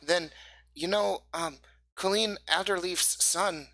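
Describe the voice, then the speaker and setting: A man puts on an innkeeper's young son who blurts out directions, stumbling and repeating himself. The voice sits well above the performer's own and comes across bright and forceful. The recording is dry and close. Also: high-pitched, slow pace, no echo, voice pushed up, heavily acted. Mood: eager. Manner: excited, stumbling, over-helpful.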